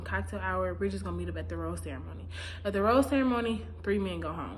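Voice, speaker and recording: This is a woman in a casual recap, talking freely and voicing her opinions. She leans on fillers and slips into quick impressions of the people she describes. A faint background noise sits under her voice. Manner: chatty, opinionated, acts out quotes with big pitch jumps. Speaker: recap commentator.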